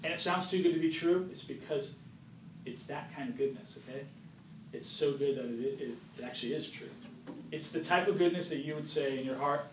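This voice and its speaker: Speaking a little fast in a higher-than-average male voice, a preacher delivers a relaxed sermon to a small group. He's talkative and playful, acting out voices and tossing in "right?" again and again. The recording is roomy and distant, with audible background noise.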